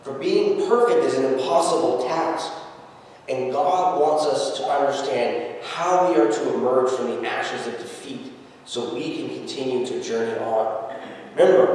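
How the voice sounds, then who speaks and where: A man pastor preaching a sermon, telling the scripture story with lively acted-out quotes. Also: mid-range voice, a little hiss or hum. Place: church sanctuary. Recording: echoey church hall from far off.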